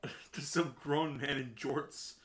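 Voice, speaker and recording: A man's voice: fairly high pitch, steady tone, a little slow, fairly bright tone. A man co-hosting casual commentary, tossing in jokey, playful asides.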